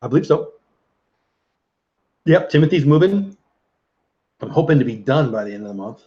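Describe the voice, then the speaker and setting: A middle-aged Texan man talks casually at a middle pitch as he reads out viewer messages. His manner is chatty and relaxed, and he laughs easily. The sound is slightly dull and lo-fi, like stream audio. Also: moderate pace. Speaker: livestream host reading chat. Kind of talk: casual live chat.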